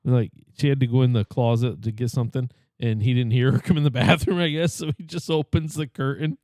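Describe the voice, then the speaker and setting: A man chatting casually on a podcast, quick to tease and to laugh. His voice is mid-pitched and recorded dry and close. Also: steady tone, a little mellow, no room sound. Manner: laughing, teasing banter. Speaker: podcast co-host. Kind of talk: casual chat.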